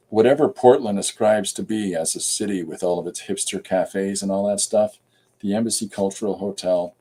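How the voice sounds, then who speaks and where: Low, mellow-voiced man chatting on a stream. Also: husky, rough recording. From Canada. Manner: chatty and rambling, with many fillers. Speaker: comic artist and live streamer. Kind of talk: casual live stream chat.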